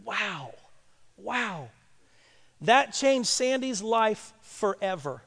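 A male pastor telling a story in a sermon and building to loud, emphatic preaching. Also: high voice, big pitch swings, extremely slow, gravelly, long reverb tail.

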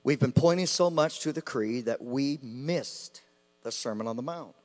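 A man preaching a sermon with passion, repeating phrases and swinging between loud outbursts and quiet asides. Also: mid-range voice, moderate pace. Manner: impassioned, rising and falling sharply, repeating phrases. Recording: long hall reverb with mains hum.

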